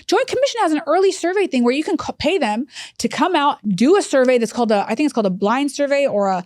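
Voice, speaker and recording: Animated woman telling stories, dry sound. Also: fast, hardly any pauses, no room sound. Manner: animated, acts out quoted voices with big pitch jumps. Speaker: hospice executive guest. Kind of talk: podcast interview storytelling.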